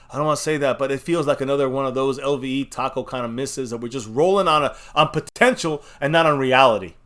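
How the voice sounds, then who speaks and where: A man's voice: on the high side, fairly bright tone. A man co-hosting a live fan stream, ranting in exasperated, profane bursts and repeating himself. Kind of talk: heated fan reaction chat.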